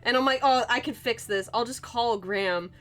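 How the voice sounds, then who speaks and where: Young woman streamer, casual chatty storyteller at a desk mic, slightly high voice. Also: moderate pace. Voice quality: animated storyteller, lots of fillers and swearing. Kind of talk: casual chat while drawing.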